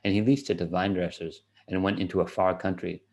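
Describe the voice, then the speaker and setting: Deep-voiced man reading scripture. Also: flat delivery, a little fast, darkish tone. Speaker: scripture reader.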